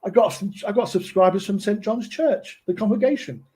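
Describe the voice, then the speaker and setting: A man with a husky, somewhat high voice gives a loose, chatty tutorial. He keeps checking in with his listeners as he goes. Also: a little fast, warm tone. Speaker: presenter. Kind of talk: casual tutorial talk.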